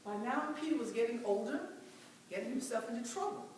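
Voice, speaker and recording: A woman's voice: a little high, lively intonation, a little fast, darkish tone, slight background noise, natural voice. A woman performing a first-person dramatic monologue as a devout, determined mother who was once enslaved, with impassioned cries of "oh" in a large church. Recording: very echoey church, mic far off.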